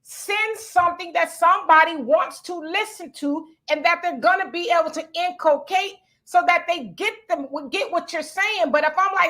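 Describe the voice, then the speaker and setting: High bright-voiced woman talk host. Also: moderate pace, hardly any pauses. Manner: emphatic, lecturing, explains step by step. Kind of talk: opinion talk show commentary.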